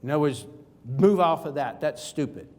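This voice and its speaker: A man with a notably high, animated voice delivers a seminar talk from the stage. He hammers his points home with emphatic rhetorical questions, and a long reverb from the big hall trails each line. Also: normal speed. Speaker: keynote speaker.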